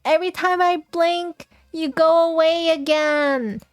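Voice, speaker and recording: A woman's voice: sits high, steady tone, slow pace, no echo, voice pushed up. A woman voicing a lovesick teenage boy who pleads in a quivering voice. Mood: pleading.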